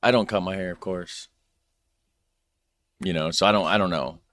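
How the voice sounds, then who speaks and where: A man's voice: low-pitched, steady tone, moderate pace, a bit bright, no echo. An American man hosting a reaction video, rambling in a laid-back, chuckling way. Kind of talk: casual commentary.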